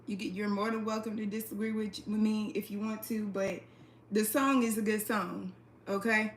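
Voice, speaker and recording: A woman hosting a casual livestream from her apartment, talking straight into a phone or webcam, blunt and profane, laughing quickly and reading the chat aloud. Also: mid-range voice, level tone, slight background noise. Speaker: livestream host. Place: indoors at home, an apartment.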